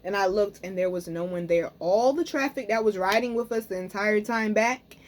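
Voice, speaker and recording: A woman's voice: medium pitch, moderate pace, slight background noise. A young woman, casually telling viewers a story and often checking in with them. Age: young adult. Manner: animated, talks to viewers as "y'all", frequent "okay?". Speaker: spiritual reader and vlogger.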